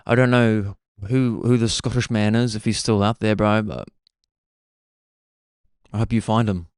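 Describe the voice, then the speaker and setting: A man's voice: lowish voice, steady tone, measured pace, a little mellow, clean tone, no echo, studio quality. A young man hosting a podcast, talking in a laid-back, meandering way and dropping "bro" often. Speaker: podcast host. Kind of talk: casual rambling monologue.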